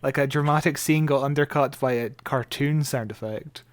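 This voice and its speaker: Scottish male co-host, mid pitch, wry and chuckling, dry booth sound. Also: moderate pace, dry recording. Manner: joking, chuckling asides. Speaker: podcast co-host. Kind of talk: casual chat reviewing a TV episode.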